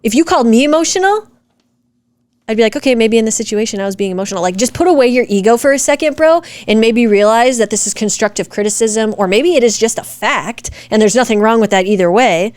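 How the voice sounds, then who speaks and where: A woman's voice: on the high side, lively intonation, fairly quick, darkish tone, no room sound. A woman co-hosting a casual chat, reacting to comments in a blunt, fired-up way and swearing freely. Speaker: podcast co-host.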